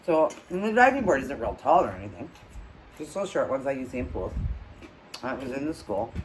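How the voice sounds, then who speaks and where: A woman hosting her own channel, telling a story in a loose, chatty way, getting louder and higher at tense moments and dropping to low murmurs between them. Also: fairly quick, slight background noise, rough recording. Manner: animated retelling with acted quotes, trailing off into low murmurs. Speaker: channel host. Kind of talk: casual storytelling while eating.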